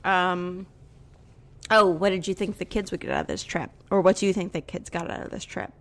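A woman in her thirties or forties co-hosting a podcast, chatting casually and teasingly with her partner and telling animated stories. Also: fairly low pitch, a little fast. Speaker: podcast co-host. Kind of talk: casual couple chat.

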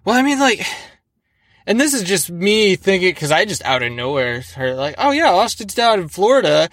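A man from the Midwest hosts a casual chat, excitable and meandering, with plenty of fillers and cursing. His voice sits a bit higher than most men's. The sound is dry and close-miked. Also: moderate pace, dry recording. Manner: excitable, rambling, lots of fillers and swearing. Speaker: podcast host. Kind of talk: casual podcast interview.

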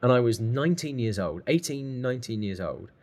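A man telling a lively story as a guest, acting out the phone calls he describes. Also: mid-range voice, brisk. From England. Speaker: guest drummer. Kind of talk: casual storytelling.

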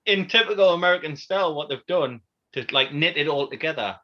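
A man's voice: on the high side, fairly quick, muffled recording, a little hiss or hum. A man co-hosting a podcast in casual chat, joking, laughing often and tagging questions onto his remarks. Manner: jokey, laughs often, adds tag questions. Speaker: podcast co-host.

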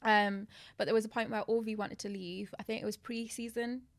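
A woman's voice: mid-range voice, brisk. A young woman, chatting casually as a podcast guest and telling stories animatedly. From England. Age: 20s. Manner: animated storytelling, lots of "like".

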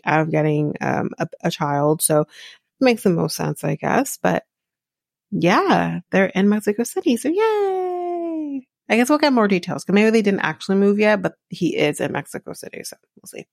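A woman's voice: fairly low pitch, expressive, normal speed, gravelly, no room sound, clean studio sound. A woman hosting a podcast, recapping a reality show in a blunt, sarcastic, swear-heavy way and laughing often as she talks. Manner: laughs often while talking. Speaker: podcast host.

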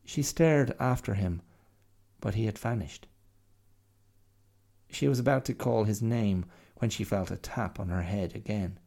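A man narrating a storybook tale in a gentle, unhurried reading voice. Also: fairly low pitch, vocal fry.

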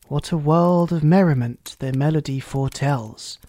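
With a medium-pitched voice captured in a dry recording, a reader works through rhyming verse in measured fashion. Much of it drops to a breathy, hushed near-whisper.

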